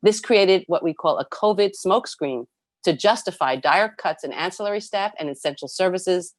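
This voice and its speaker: A woman's voice: fairly low pitch, animated, moderate pace, no echo. A woman, a nurses' union president giving earnest, emphatic prepared testimony at a public hearing. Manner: earnest, emphatic, reads a prepared statement with stresses and repeats.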